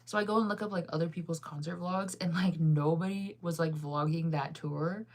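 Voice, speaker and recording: Sleepy thirties lady rambling on, like, every other word, kinda low voice. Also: fairly even intonation, brisk, a little mellow. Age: 30s. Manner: rambling, heavy use of "like". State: tired and yawning. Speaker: vlogger reading live chat. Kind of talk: casual chat.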